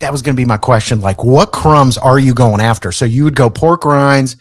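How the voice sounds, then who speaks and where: A man co-hosts morning radio from the studio, chatting and spinning little stories with an amused tone. His voice sits at a middling pitch, and the room sounds dry and close. He talks easily with his co-hosts. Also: normal speed, dry recording. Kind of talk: casual morning show banter.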